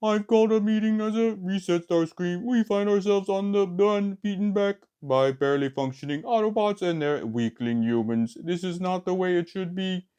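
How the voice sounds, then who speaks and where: A man puts on a stiff cartoon robot villain who declaims every word loudly in short bursts. The voice sits well above his own and stays pompous and commanding. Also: sits high, moderate pace, hardly any pauses, clear, resonant tone, pitched above the performer's own voice, natural voice. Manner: loud, clipped, declaiming.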